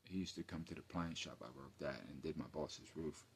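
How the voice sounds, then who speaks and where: A man's voice: very deep voice, fairly quick, a little hiss or hum. A man, ranting late at night at home in a rambling, profane, mumbling way. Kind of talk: late-night personal rant.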